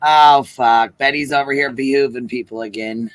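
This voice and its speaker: A man's voice: medium pitch, fairly even intonation, normal speed, no room sound. Mocking man, dry close sound. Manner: mocking, stumbles over words. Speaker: panelist. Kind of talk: casual chat.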